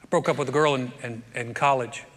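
A man preaching a sermon, telling a story with lively, humorous asides to his congregation. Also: medium pitch, fast talker. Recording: long reverb of a big hall.

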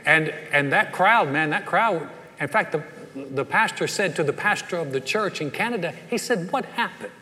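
Southern pastor telling stories in a big hall. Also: male voice, a little high, normal speed. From Southern United States. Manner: animated, acts out voices in anecdotes. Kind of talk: sermon with storytelling. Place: church sanctuary. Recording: long hall reverb.

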